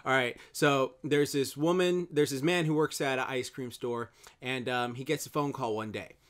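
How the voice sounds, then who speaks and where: A man's voice: medium pitch, steady tone, normal speed. A man co-hosting a comedy podcast, joking, hyping his partner and telling jokes. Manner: joking, hyped, tells jokes with voices. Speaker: podcast co-host. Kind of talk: casual comedic podcast chat.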